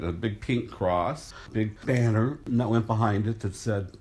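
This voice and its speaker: An older man, an artist, telling an animated anecdote and acting out the crowd's voices with gasps. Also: lowish voice, measured pace, few pauses. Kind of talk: storytelling anecdote.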